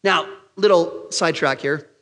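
A man with a high, bright voice preaches an animated sermon. He gets excited enough to lose his place in his notes and acts out quoted characters. His voice rings out in a long church reverb. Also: a little slow. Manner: animated, acts out quoted voices, raises pitch and volume for emphasis. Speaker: pastor.

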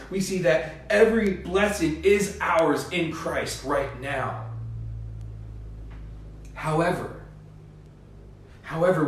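A man's voice: fairly high pitch, slight background noise. A male pastor preaching a sermon in an earnest, emphatic manner, with rising bursts. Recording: echoey hall, distant mic.

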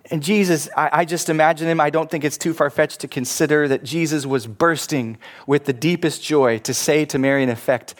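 A man preaching a sermon as a pastor, earnest, slowing down to stress quoted scripture. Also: a little high, fairly even intonation.

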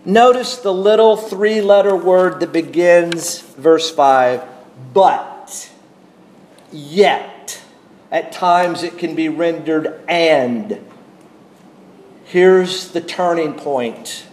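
A man preaching an expository sermon, with a measured, emphatic delivery and deliberate pauses. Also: sits high, darkish tone, echoey room.

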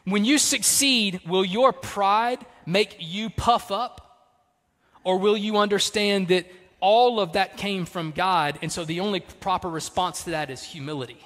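High-voiced preacher in a reverberant hall. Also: male voice, measured pace. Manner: emphatic, swings between loud punches and soft trailing lines. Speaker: pastor. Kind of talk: sermon.

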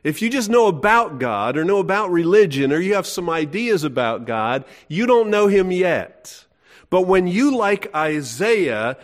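A middle-aged man preaching a sermon in a folksy, emphatic way, asking his listeners questions. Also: high-pitched. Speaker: pastor.

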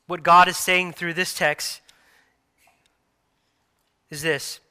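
Pastor guy preaching, bright crisp voice, a bit high, earnest and repeats himself. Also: flat delivery, takes it slowly. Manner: earnest preaching with repeated phrases and soft restarts. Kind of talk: sermon.

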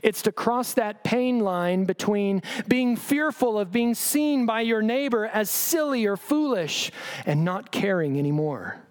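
A man's voice: high voice, expressive, unhurried, clean tone. A man preaching a sermon, reading scripture aloud with pointed sarcastic emphasis and pressing the listeners with rhetorical questions. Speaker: pastor.

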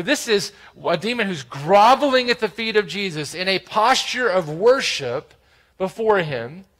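A man preaching a sermon, explaining scripture verse by verse with frequent "right?" asides, swinging between loud emphasis and quiet asides. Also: sits high, low-quality recording. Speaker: pastor.

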